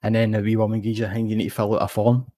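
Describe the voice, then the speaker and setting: A young man with a Scottish accent tells a story at a rapid clip. He rambles and swears freely in relaxed podcast chat. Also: lowish voice. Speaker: podcast co-host. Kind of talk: casual chat.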